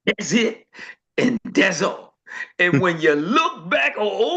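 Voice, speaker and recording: A man's voice: sits high, animated, slow pace, sharp tone. A man hosting a motivational morning call, speaking in a rhythmic, preacher-like cadence full of repeated thanks.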